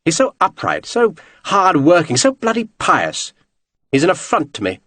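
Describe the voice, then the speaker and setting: A man's voice: on the high side, wildly swooping pitch, normal speed, a bit bright, no room sound, voice pushed up. A man doing a suave mocking renegade officer. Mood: amused, urbane.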